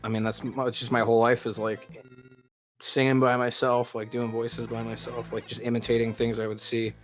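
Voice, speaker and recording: A man's voice: mid-range voice, level tone, brisk, faint music behind. A man hosting a gaming stream, chatting casually and rambling with many fillers and restarts. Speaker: streamer and host. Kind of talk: casual chat while gaming.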